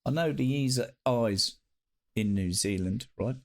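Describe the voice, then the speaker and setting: Playful, lively man streaming. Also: medium pitch, normal speed, vocal fry. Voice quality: animated, playful, sing-song greetings to chat. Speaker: live streamer chatting with viewers. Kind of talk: casual live-stream chat.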